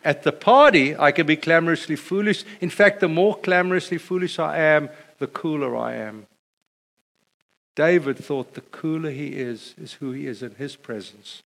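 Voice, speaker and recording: At normal speed, with a slightly high and creaky voice, a middle-aged pastor delivers his sermon through lively stories. He steadily builds toward a repeated refrain.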